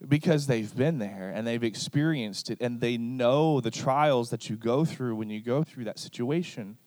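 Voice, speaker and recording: Preaching in a chatty, illustrative style, this man keeps asking his congregation "right?" and performs little snippets of dialogue. He speaks at a moderate pace in a mid-range voice that's a bit mellow.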